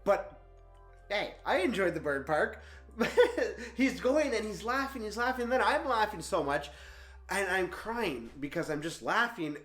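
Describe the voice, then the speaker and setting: A young man in his twenties telling a travel story in a vlog, animated and laughing often as he talks. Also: high voice, unhurried, echoey room, soft background music. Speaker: travel vlogger.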